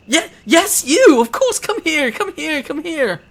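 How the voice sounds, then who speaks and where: A man's voice: extremely high pitch, sing-song, a little slow, fairly bright tone, pitched above the performer's own voice, exaggerated voice. A man doing a gushing theater producer. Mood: eager. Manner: dramatic, gushing exclamations. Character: flustered flamboyant male theater producer.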